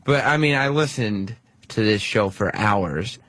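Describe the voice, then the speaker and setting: A man on a radio show reviewing another program, speaking in a hesitant, halting way. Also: fairly low pitch, animated, a bit bright. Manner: hesitant, halting, full of fillers. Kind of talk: casual studio discussion. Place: radio studio. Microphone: studio microphone.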